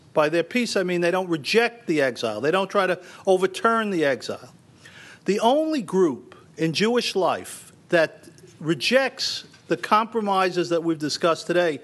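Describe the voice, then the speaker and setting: A man's voice: a little high, fairly bright tone. A man giving a lecture in an emphatic way, repeating phrases for stress and addressing the audience directly. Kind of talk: university lecture.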